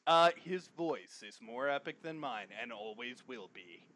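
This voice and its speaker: A man's voice: mid-range voice, expressive, sharp tone, slight background noise. A man hosting a casual movie podcast over a call, teasing his guests and laughing often. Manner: giggly, teasing, fast-talking. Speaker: podcast host. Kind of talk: casual group chat.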